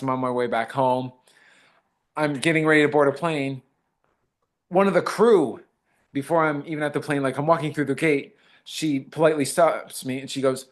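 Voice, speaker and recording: A man, an actor, talking modestly in a casual interview and retelling fan encounters with quoted dialogue. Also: on the high side. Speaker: actor guest.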